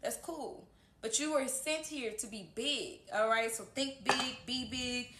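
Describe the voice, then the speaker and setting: In a high-pitched voice and at a measured pace, a woman offers an informal tarot horoscope reading, warm and earnest, repeatedly checking in with "okay?" The echoey home recording has heavy background noise.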